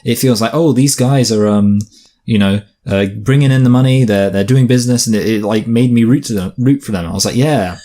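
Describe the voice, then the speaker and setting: A man's voice: mid-range voice, fairly quick, mellow. A man co-hosting a casual film review chat, thinking aloud and rambling with many fillers and restarts.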